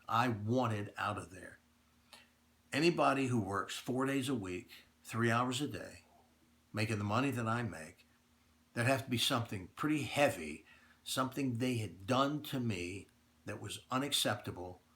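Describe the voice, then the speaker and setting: A middle-aged radio talk show host addresses his listeners directly in a plainspoken announcement, repeating points to stress them. His voice is fairly low and fairly bright.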